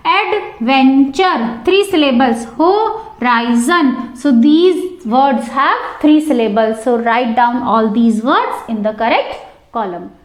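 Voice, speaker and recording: A woman's voice: on the high side, expressive, unhurried, roomy sound. A woman teacher, explaining a textbook lesson to students step by step and often addressing them directly.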